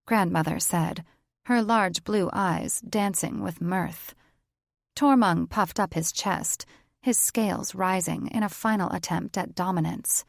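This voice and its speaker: Slow, low-voiced woman narrating an audiobook. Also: gravelly, dry recording, studio quality. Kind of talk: scripted fantasy narration.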